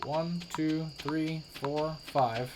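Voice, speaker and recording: With tired legs after a run, a game streamer gives playful, chatty let's-play commentary full of wry asides, speaking extremely slowly in a steady, medium-pitched voice. Clear game music sits behind the voice amid a noisy background.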